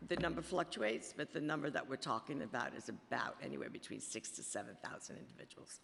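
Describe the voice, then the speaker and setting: A man with a Bronx accent testifying at a budget hearing, halting and full of fillers and restarts. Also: medium pitch, creaky, fairly bright tone, a little hiss or hum. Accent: Bronx New York. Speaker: city agency official testifying. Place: large council chamber. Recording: long chamber reverb.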